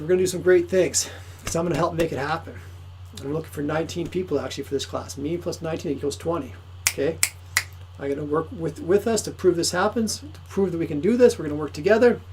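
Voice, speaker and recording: A man giving an excitable, repetitive motivational sales pitch to camera for his course. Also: quick pace, slightly rough, low-quality recording. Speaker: course promoter.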